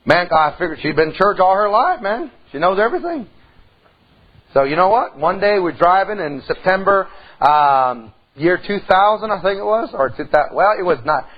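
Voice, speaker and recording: A middle-aged pastor preaches a sermon in church, telling a personal story in a folksy way and swinging from loud to hushed. His voice sits high, animated and breathy-edged at normal speed, on a muffled recording.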